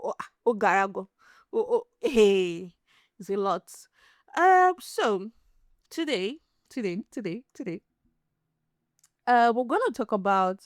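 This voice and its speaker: A Nigerian woman hosting a podcast, chatting casually as an animated, laughing storyteller. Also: medium pitch, clear, resonant tone, dry recording, clean studio sound. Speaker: podcast host. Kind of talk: casual chat.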